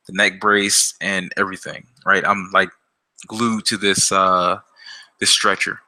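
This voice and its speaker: A man's voice: lowish voice, sharp tone. A man vlogging about a personal experience in a casual, hesitant storytelling style, with many fillers and restarts. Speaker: gaming YouTuber.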